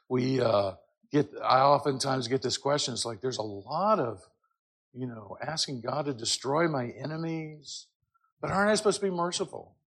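A man teaching a church class in a conversational way, often checking in with "right?", and reading scripture aloud with loud, drawn-out emphasis. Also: medium pitch. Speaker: Sunday school teacher.

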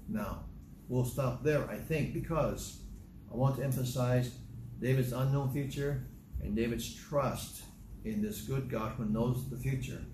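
A man's voice: medium pitch, unhurried, darkish tone, a little hiss or hum. A man giving a sermon, reading scripture aloud and retelling it in a plain, conversational storytelling way. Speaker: preacher. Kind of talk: sermon teaching through a psalm. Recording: echoey room.

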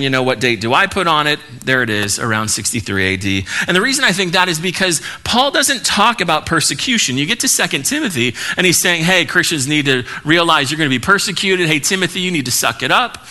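Bright, lively-voiced male pastor. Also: fairly high pitch. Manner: casual, animated teaching with asides. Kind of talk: sermon.

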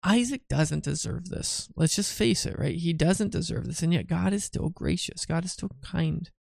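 A man's voice: on the high side, normal speed, vocal fry, a little mellow, no echo, studio quality. A tired, yawning man teaching a Bible study in a chatty way, often asking "right?" and restarting his phrases.

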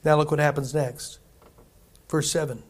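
A man's voice: on the high side, fairly even intonation, normal speed. A male preacher reading scripture aloud and preaching a sermon emphatically, repeating himself and putting questions to the congregation.

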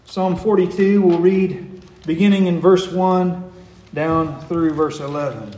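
A pastor preaching a sermon earnestly, rising to emphatic peaks and dropping to hushed asides, recorded in a church sanctuary. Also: male voice, on the high side, a little slow. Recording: echoey hall.

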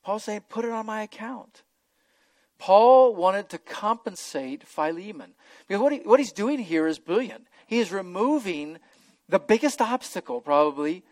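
A man's voice: high voice, dry recording. A man preaching an expository sermon, earnest and emphatic, often repeating words as he goes.

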